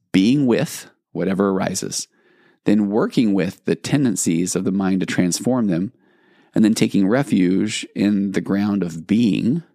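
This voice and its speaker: A man with a low, gravelly voice talks through ideas on his solo podcast. He is reflective and casual, now and then voicing his own inner thoughts as examples. The sound is close and dry. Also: dark tone, no room sound. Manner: reflective, explains with acted-out inner dialogue. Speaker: podcast host.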